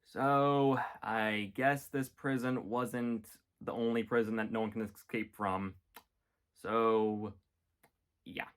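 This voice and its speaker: A man's voice: fairly low pitch, steady tone, slow pace, fairly bright tone. Rambling young man reviewing cartoon episodes. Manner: rambling, jokey, many fillers. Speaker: vlogger reviewing a cartoon series.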